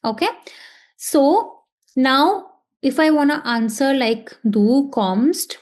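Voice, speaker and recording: A woman's voice: high voice, lively intonation, slow pace. Patient woman teaching grammar. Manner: patient, repetitive, checks in with "okay". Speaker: German teacher. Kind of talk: language lesson explanation.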